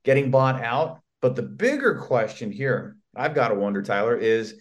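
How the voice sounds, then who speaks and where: A man's voice: mid-range voice, expressive, moderate pace. Guy cohosting a racing podcast, chatty, asks questions and runs through headlines. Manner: conversational, asks questions, reports news. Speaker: podcast co-host. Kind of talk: casual sports talk.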